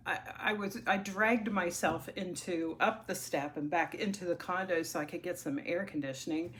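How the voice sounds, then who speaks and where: A woman's voice: lowish voice, a bit bright, a little hiss or hum. A middle-aged woman telling a personal story on her crafting vlog, chatty and rambling with frequent ums and restarts. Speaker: crafting vlogger.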